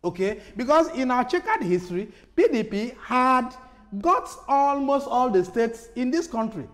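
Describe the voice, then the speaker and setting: A man's voice: very high-pitched, big pitch swings, normal speed, fairly bright tone. A man from Nigeria with a Nigerian accent, a guest on a TV panel, speaking emphatically, repeating words as he searches for them and checking in with "Okay?". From Enugu, Nigeria. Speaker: studio guest. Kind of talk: TV panel discussion.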